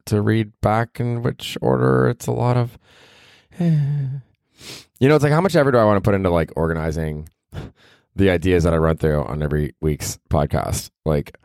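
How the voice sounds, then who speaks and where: A man with a very low voice talks alone into a mic, rambling loosely and making fun of himself, with the odd swear tossed in. The sound is dry and close, with no room around it. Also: steady tone, moderate pace, a little mellow, no room sound. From Cleveland, Ohio. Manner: rambling, self-deprecating, swears casually. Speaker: podcast host. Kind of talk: solo podcast monologue.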